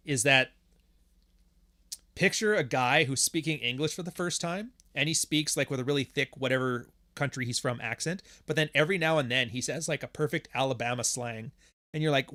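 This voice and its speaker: A man's voice: mid-range voice, fairly quick, sharp tone, no room sound. Male podcast host, casual livestream chat, swears freely and rambles, mid-range voice, dry close sound. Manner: profane, rambling, joking.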